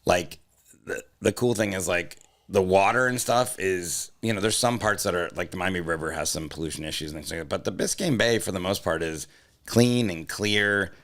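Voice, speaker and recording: A man with a very low voice co-hosting a comedy podcast in loose, casual chat. He rambles from point to point, swears freely and teases the others. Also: normal speed, a bit bright. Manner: rambling, profane, teasing. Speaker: podcast co-host.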